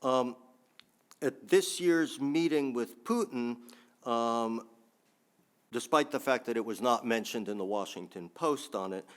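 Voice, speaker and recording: A man's voice: medium pitch, unhurried, smooth. A man giving a think-tank panel talk with frequent ums and restarts, adding dry asides.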